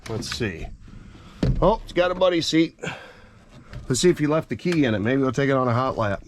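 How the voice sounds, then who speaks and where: A man's voice: medium pitch, animated, a little fast, background noise. A man who works as an auctioneer, chatting plainly and casually as he walks around farm machinery outdoors. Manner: folksy, plainspoken, thinking aloud with fillers. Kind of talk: casual walkaround commentary.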